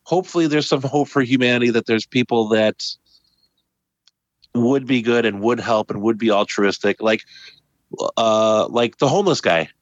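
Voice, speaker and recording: A man's voice: mid-range voice, moderate pace, no echo. A man co-hosting a casual film discussion, talking animatedly and acting out characters' lines. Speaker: podcast co-host. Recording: dull lo-fi sound.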